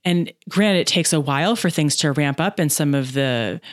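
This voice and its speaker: A woman coaching on mindset in a solo podcast, lively and chatty, often adding "right?" and acting out inner voices. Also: low-pitched, normal speed, dry recording, studio quality. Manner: acts out inner voices and laughs at herself.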